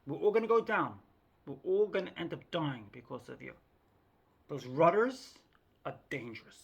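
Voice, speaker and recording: A woman's voice: low-pitched, expressive, moderate pace, vocal fry, slightly rough, lo-fi sound, exaggerated voice. A woman voicing a stubborn ten-year-old boy who insists on having his way. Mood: insistent.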